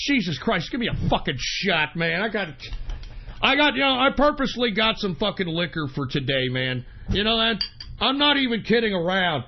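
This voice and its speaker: A man's voice: high-pitched, big pitch swings, moderate pace, dull audio, a little hiss or hum. A man hosting a talk radio show, delivering an angry, profane political rant.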